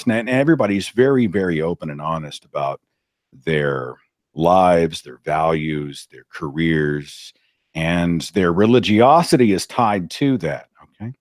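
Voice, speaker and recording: Brief: low-voiced man, lively storyteller, dry close sound. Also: measured pace, dry recording. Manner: animated, dramatic retelling. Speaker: podcast host, guest. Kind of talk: anecdotal storytelling.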